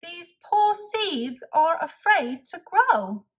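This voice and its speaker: A woman voicing a calm, wise male frog in a storybook read-aloud, speaking gently and reassuringly. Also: very high-pitched, slow, voice pushed up, exaggerated voice.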